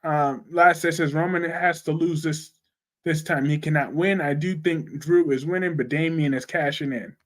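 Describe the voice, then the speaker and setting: Young male host, high-pitched, blunt and animated, casual livestream banter. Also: normal speed. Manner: blunt, animated, slangy, talks back to chat. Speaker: soap opera commentary livestream host. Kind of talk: casual live chat reading viewer comments.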